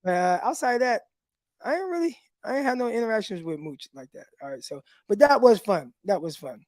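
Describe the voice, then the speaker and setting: A man hosting a casual livestream, telling stories in an animated way with laughs, talking into a phone. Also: sits high, brisk, no room sound, clean studio sound. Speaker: podcast host and former football player.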